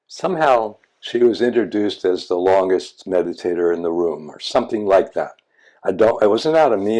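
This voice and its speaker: A man's voice: deep voice, mellow. An older man, a meditation teacher, telling stories in a frank, blunt way and stumbling over repeated words as he restarts. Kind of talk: reflective conversational storytelling.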